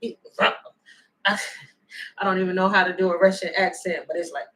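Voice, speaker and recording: A woman giving a chatty, animated livestream tarot reading and thanking viewers by name. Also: fairly low pitch, fairly quick, low-quality recording. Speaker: tarot reader.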